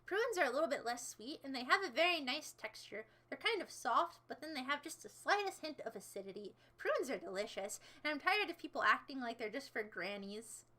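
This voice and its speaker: A woman's voice: high voice, expressive, fairly quick, few pauses, bright, forceful tone. A young adult woman hosting a livestream and chatting casually as she reads viewer comments, playful and jokey with a self-mocking streak. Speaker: livestream host.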